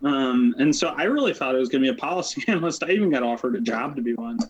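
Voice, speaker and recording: A man's voice: mid-range voice, expressive, breathy edge, highs cut off. A man being interviewed as a social worker, telling his story casually and rambling, with lots of "like" and "um" fillers. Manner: rambling, many "like" and "um" fillers, quick asides.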